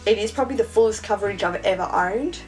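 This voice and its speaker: A woman's voice: mid-range voice, fast, soft background music. Chatty young woman vlogger. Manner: chatty, self-mocking, slangy. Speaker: beauty vlogger. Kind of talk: casual makeup tutorial chat.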